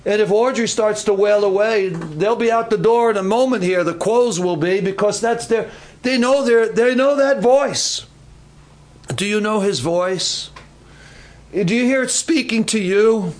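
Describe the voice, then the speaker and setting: A man preaching a sermon, telling a Bible story slowly and emphatically, acting out the voices. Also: high-pitched. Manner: acts out voices in the story, calls names dramatically. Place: church.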